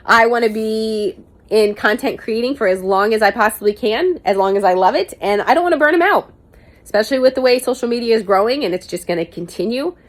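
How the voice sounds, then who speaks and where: A woman's voice: a little high, fairly quick. A young woman vlogger answering viewer questions in a candid, chatty, self-mocking way, swearing casually now and then. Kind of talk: casual Q&A chat to camera.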